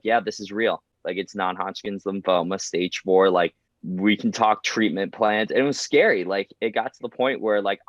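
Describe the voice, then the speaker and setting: A man's voice: on the low side, dry recording. A young man, a podcast guest, telling his story candidly and animatedly, acting out what others said and filling his talk with "like". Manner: animated, acts out quoted voices, lots of "like". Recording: dry, slightly dull podcast audio.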